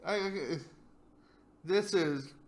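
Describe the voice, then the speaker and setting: A man's voice: sits high, extremely slow. A man hosting a casual movie watchalong, rambling and stumbling over his words as he restarts sentences. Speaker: movie commentary host.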